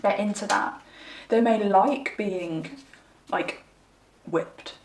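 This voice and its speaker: A woman's voice: mid-range voice, slow pace, darkish tone, reverberant, recorded from a distance, a little hiss or hum. A young woman chatting candidly to her viewers while giving a pick-a-card tarot reading. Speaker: tarot reader.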